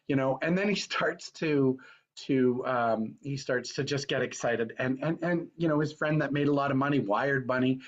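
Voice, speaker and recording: Earnest male spiritual teacher, mid-pitched, rambling storytelling sermon, dull lo-fi audio. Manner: earnest, meandering, frequent fillers.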